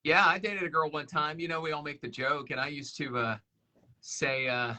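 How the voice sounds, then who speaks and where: Bright-voiced male radio host. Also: fairly high pitch, fairly even intonation, normal speed. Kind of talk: casual radio chat.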